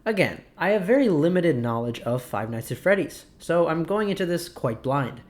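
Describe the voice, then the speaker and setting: A man's voice: a little high, sing-song, moderate pace. Jumpy gaming YouTuber, a man. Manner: jumpy, easily startled, yelps and shrieks; repeats the same phrase over and over under his breath. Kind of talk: blind let's play commentary.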